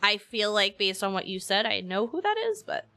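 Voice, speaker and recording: Bright-voiced woman chatting on stream. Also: medium pitch, big pitch swings, normal speed, faint music behind. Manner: rambling, candid, opinionated. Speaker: streamer and co-host. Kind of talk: casual live-stream chat.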